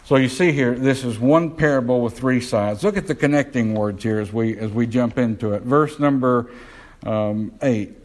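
A man preaching a sermon, putting questions to the congregation and slowing down to stress key words. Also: mid-range voice, a little mellow, rough recording.

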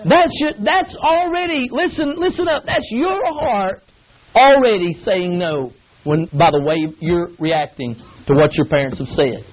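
A man's voice: high voice, a little slow. A middle-aged man, preaching an emphatic, folksy sermon to young people. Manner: folksy, emphatic, acts out whining kids with grunts. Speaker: pastor preaching to youth. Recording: tinny phone-like line, faint noise.

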